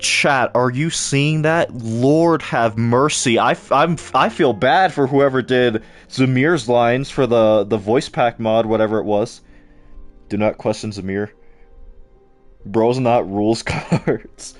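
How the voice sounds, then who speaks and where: A man's voice: medium pitch, a little slow, hardly any pauses, no echo, soft background music. A young man chatting casually to his live-stream audience while playing a game, stumbling over words as he talks.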